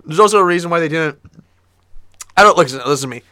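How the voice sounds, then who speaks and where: A man's voice: fairly high pitch, lively intonation, fast talker, pushed and bright. A man co-hosting a casual podcast, rambling and swearing with lots of restarts. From Florida. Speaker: podcast co-host. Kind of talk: casual chat.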